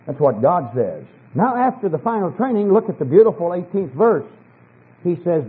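Man, preacher, sermon, emphatic, husky voice, tinny phone-like archival recording. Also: very animated, normal speed. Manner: emphatic, swings between low asides and high fervent scripture reading.

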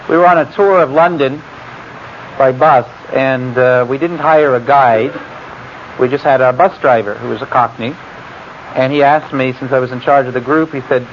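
Steady in tone and moderate in pace, a medium-pitched male Bible teacher lectures informally, drifting off on tangents full of asides and filler words. There's a faint hiss over the muffled, lo-fi audio.

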